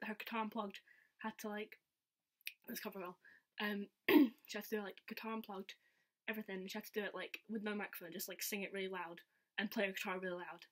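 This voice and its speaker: A young woman chatting to camera, telling a story with a steady mid-pitched voice. She fills her talk with "like" and acts out what people said. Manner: chatty, says "like" all the time, acts out quotes. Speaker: vlogger. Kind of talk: casual storytelling.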